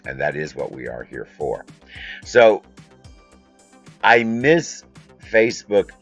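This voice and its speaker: A man's voice: low-pitched, sing-song, slow pace, faint music behind. A man hosting a casual live stream from his home, rambling through business talk and breaking off to scold his dogs. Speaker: host. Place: home room with a curtain backdrop.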